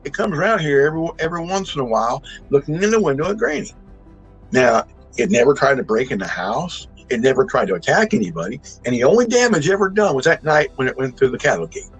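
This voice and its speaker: A man's voice: fairly high pitch, sing-song, fast, husky, soft background music, low-quality recording. A man, telling a true encounter in a folksy, rambling way full of restarts and emphatic bursts. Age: 60s. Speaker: eyewitness storyteller. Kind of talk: casual spoken storytelling.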